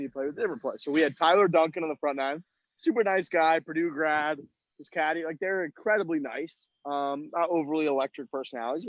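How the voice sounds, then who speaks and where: A man's voice: a little high, no room sound, dull audio. A man co-hosting a podcast, calling in from outdoors at a golf tournament and telling self-mocking, profane stories about his round. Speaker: podcast co-host. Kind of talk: casual chat.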